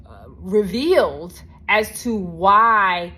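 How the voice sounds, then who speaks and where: Bright-voiced woman telling a story. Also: medium pitch, drawn-out words, slightly rough. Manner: animated retelling with many "I'm like" asides; earnest, preachy reflection. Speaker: vlogger. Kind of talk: casual storytelling vlog.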